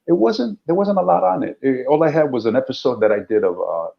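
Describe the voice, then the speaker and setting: A middle-aged man, a guest actor, telling stories in an animated, anecdotal way during a casual interview. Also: medium pitch, quick pace, gravelly. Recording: dull lo-fi audio.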